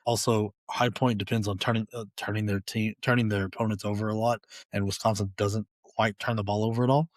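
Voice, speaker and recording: A man's voice: on the low side, brisk, few pauses, no room sound. A man hosting a sports podcast, talking casually through betting picks with easy fillers. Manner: relaxed, explaining with fillers. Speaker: podcast host.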